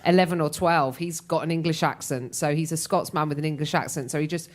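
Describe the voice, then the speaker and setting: A woman's voice: deep voice, fairly even intonation, fast. A woman on a radio comedy panel telling chatty comic anecdotes. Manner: chatty anecdotes with playful accent impressions.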